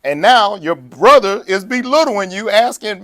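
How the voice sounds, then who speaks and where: A man preaching a sermon in a lively, conversational way, acting out quotes and laughing along the way. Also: high-pitched, measured pace, hardly any pauses.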